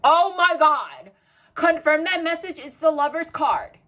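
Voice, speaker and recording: A woman reading tarot in a casual vlog, chatty and rambling, telling animated stories full of quoted dialogue. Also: high-pitched, unhurried. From New Jersey. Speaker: tarot reader.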